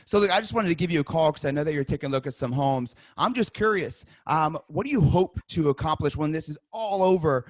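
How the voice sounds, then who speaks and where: A man runs a sales coaching session over a video call, role-playing an agent in an upbeat, conversational way. His voice sits somewhat high for a man. The sound is dry and close. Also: expressive, dry recording. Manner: upbeat, conversational, rapid restarts. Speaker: real estate sales coach.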